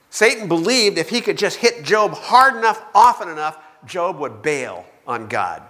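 A man preaching a sermon in a lively storytelling manner, acting out the voices of the people he quotes. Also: high-pitched, normal speed, few pauses, big-room sound.

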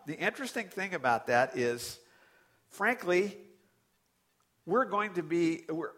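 A man delivers a sermon in a bright, ringing voice that sits a little high for a man. His delivery is animated, with big swoops in pitch and sudden loud outbursts between calmer, conversational stretches. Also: husky. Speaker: pastor.

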